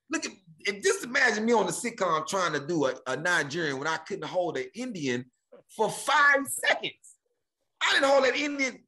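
A middle-aged man from Houston, a stand-up comedian telling stories as a guest, lively and quick to slip into put-on voices. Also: high voice. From Houston, Texas. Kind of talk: animated storytelling chat.

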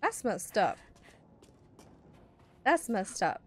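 A woman's voice: medium pitch, big pitch swings, drawn-out words, slightly rough. A woman commentating a horror video game as she plays, jumpy and chatty, talking both to the game and to her viewers. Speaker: gaming streamer.

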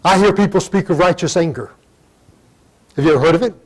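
An older man giving a sermon, reading scripture in old-fashioned wording and breaking into sudden loud emphatic rises. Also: sits high, fast, rough recording. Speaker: pastor.

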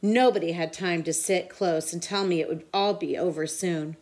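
A woman tutor reading a children's picture book aloud with expressive storytelling. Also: fairly low pitch, moderate pace.

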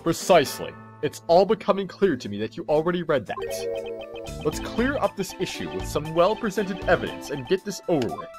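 A composed prosecutor, read out by a man during a game play-through. The reading rises and falls with lively pitch. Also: brisk, over music. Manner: reading dialogue aloud. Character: cool, composed male prosecutor.

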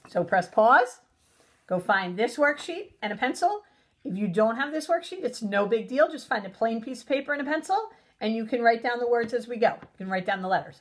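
A woman teaching a recorded phonics lesson to young children, sounding out letters slowly and praising them warmly. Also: on the high side. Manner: encouraging, sing-song, sounds out letters slowly. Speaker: preschool teacher.

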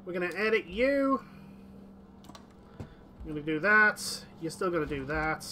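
Bright high-pitched rambling male gamer. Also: animated, unhurried, a little hiss or hum. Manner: rambling, self-correcting, lots of fillers. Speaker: gaming commentator. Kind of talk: strategy game let's play.

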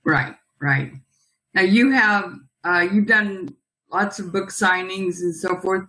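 Bright-voiced woman host. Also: mid-range voice, slow pace, rough recording. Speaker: host of a book interview show. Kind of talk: interviewing and reading a book passage aloud.

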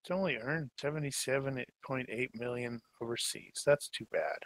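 A man's voice: medium pitch, normal speed, no echo. A man running a tabletop game session zero, chatting casually and jokingly, often trailing off while he hunts for a name. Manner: rambling, joking, trails off searching for names. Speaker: game master.

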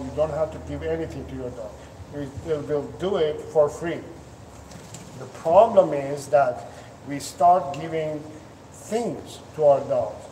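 A man's voice: a little high, warm tone. A man who trains dogs, giving earnest coaching advice to the camera, with frequent restarts and fillers. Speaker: dog trainer. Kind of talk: instructional talk to camera. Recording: echoey room, distant mic, faint noise.

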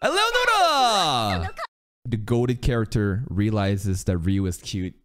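A man's voice: on the low side, steady tone, measured pace, background noise. A man reacting live to an anime as a streamer, laughing often, teasing the characters and swearing freely. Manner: teasing, mock-outraged asides. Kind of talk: casual live reaction commentary.

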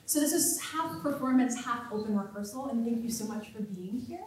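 A woman introduces an open rehearsal to an audience, hesitant and full of fillers and restarts. Her voice is fairly high. She is heard from a distance in an echoey hall with faint background noise. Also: lively intonation, brisk. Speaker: playwright introducing the show. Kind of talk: casual stage introduction. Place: theatre stage.

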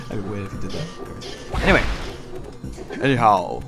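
A man's voice: lowish voice, moderate pace, pauses often. A young man giving casual, rambling, joking commentary while he plays a video game. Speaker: gameplay commentator. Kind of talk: casual let's play commentary. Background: game music.

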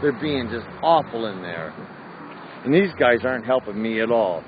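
A man's voice: mid-range voice, big pitch swings, unhurried. A tipsy man ranting angrily and profanely in a live phone stream outside a club at night. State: tipsy after a few drinks. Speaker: livestreamer. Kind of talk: angry live-stream rant. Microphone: phone held in hand. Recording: muffled phone audio with street noise.

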